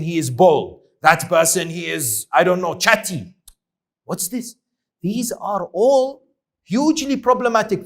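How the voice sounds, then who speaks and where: A man's voice: sits high, fairly bright tone. A man preaching an Islamic lecture, reciting Arabic verses and often checking in with rhetorical questions to his listeners. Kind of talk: religious lecture.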